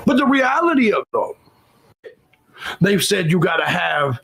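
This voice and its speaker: A man's voice: high-pitched, very animated, measured pace, creaky, fairly bright tone, slight background noise, poor audio. A man hosting a livestream, talking bluntly and profanely and thanking viewers for donations in casual commentary. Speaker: livestream host.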